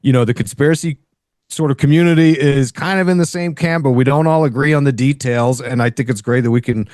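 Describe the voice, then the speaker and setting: Male podcast guest, halting and agreeable, dry close sound. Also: medium pitch, a little mellow, dry recording. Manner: halting, agreeable, many restarts. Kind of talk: casual chat.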